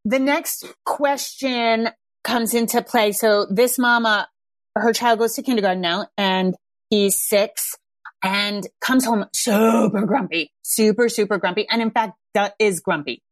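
A woman's voice: medium pitch, a little slow, no echo. A woman in her thirties, a parenting coach hosting a podcast, talking casually and often checking in with "right?" and "yeah?". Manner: conversational, frequent tag questions like "right?" and "yeah?". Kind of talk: casual advice talk.

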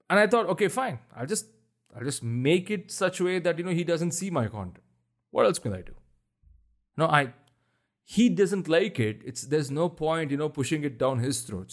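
A man with a deep voice hosting a solo podcast, ranting bluntly and swearing heavily for emphasis. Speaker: podcast host. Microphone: podcast mic.

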